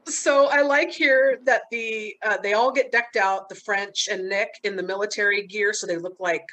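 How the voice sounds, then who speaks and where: Woman, podcast host, bright voice, chatty, retells scenes, giggles often. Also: medium pitch, fairly even intonation, normal speed. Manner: chatty, recounts scenes with laughs and quoted lines. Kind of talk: casual movie recap chat.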